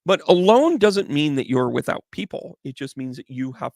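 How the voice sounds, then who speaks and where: A man doing casual live tarot readings as a medium, chatty and animated, greeting viewers by name. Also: a little high, normal speed, gravelly, no room sound, clean studio sound.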